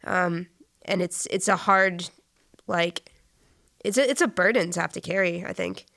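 A woman in casual conversation about faith, talking in halting phrases with many fillers and restarts. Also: lowish voice, gravelly, fairly bright tone, dry recording, clean studio sound.

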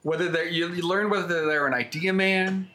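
A man's voice: high voice, fairly even intonation, moderate pace, bright, forceful tone, slight background noise. Joking man in loose podcast banter. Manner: joking, laughs often, tends to slip into a mock accent. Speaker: podcast co-host. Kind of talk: casual banter among friends.

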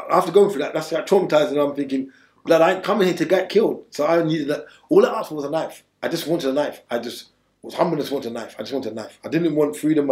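A man tells his story at a rapid clip, his voice sitting in the middle range. He leans on street slang and circles back to the same points with urgency. The room around him is echoey. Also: mid-range voice, darkish tone. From England. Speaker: interview guest. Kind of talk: candid storytelling.

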